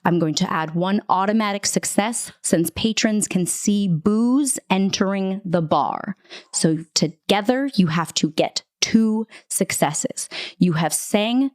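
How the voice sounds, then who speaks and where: A woman running a tabletop session, narrating scenes and rulings with lively storytelling. Her delivery is full of fillers and quick restarts, and the recording is dry and close. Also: mid-range voice, no echo. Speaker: game master.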